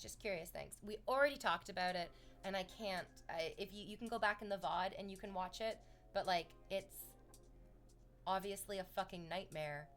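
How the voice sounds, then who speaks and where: Playful woman streamer just chatting with chat, swears a bit, light music in the back. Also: medium pitch. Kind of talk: casual livestream chat.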